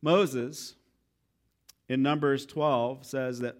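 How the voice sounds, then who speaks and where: A man's voice: fairly high pitch, a little slow. A man preaching a sermon as pastor, joking and playful in his delivery. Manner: joking, playful, self-deprecating; animated, lively delivery.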